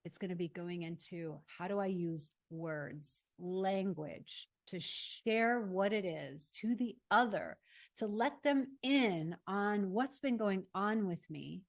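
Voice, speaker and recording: A woman coach giving a calm, guided self-help talk, slowing down and pausing as she leads listeners through an exercise. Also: mid-range voice. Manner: calm, slow guiding pauses.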